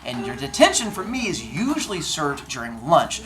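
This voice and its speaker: A male teacher talking to his class in a classroom, telling stories with deadpan comic exaggeration. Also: a little high, moderate pace. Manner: animated storyteller, acts out exchanges in comic voices. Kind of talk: classroom talk to students.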